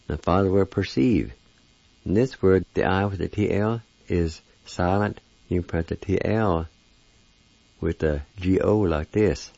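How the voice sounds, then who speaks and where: Deep gravelly guy teaching words real slow, spells stuff out, dull lo-fi sound. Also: mellow, no echo. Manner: careful, spells and repeats each word. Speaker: language teacher. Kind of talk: slow word-by-word pronunciation lesson. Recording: dull lo-fi recording.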